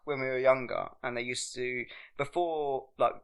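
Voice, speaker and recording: A man's voice: medium pitch, steady tone, normal speed, a bit bright. Rambling young English man telling stories. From England. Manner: rambling storytelling with frequent laughter. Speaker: podcast co-host. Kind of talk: casual pub chat.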